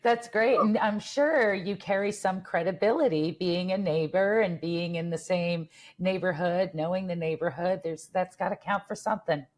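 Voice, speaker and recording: A woman's voice: fairly low pitch, normal speed. A woman hosting a podcast interview, encouraging her guest and asking follow-up questions. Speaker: podcast host.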